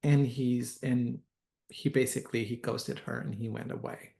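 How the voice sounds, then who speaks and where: A man's voice: medium pitch, little pitch movement, moderate pace, gravelly, mellow. A man teaching tarot, telling a story from a reading in an online class, hesitant with many "uh"s and restarts, livelier when he quotes people.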